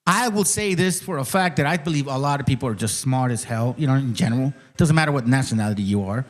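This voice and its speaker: A man hosting his own channel, giving a heated, profane rant of commentary straight to his viewers. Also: on the high side. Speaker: channel host. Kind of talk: ranting commentary on a clip.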